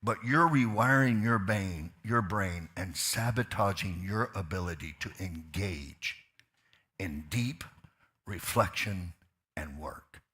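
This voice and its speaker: A man preaching a sermon as a pastor in a church, swinging from quiet asides to loud, fired-up preaching and putting repeated questions to his listeners. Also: low-pitched, slow. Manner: asks the crowd questions, repeats lines for emphasis. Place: church sanctuary.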